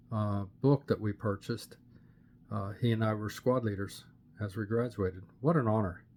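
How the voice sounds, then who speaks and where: An older man from Pittsburgh, Pennsylvania, telling his personal faith story to a camera in an earnest, plain-spoken way with many "uh" pauses. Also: medium pitch, darkish tone. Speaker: channel host sharing his testimony. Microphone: camera facing the speaker.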